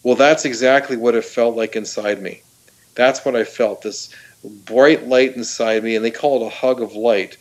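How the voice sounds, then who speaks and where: A middle-aged man, a talk show guest, excitedly retelling a personal story with frequent laughs, restarts and fillers. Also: mid-range voice, moderate pace.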